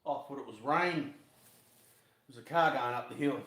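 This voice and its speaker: A fishing channel host with a medium-pitched, fairly bright voice speaks at normal speed during a casual cooking live-stream chat. He rambles, talks to himself and his viewers and throws in cheeky jokes, in a room with echo.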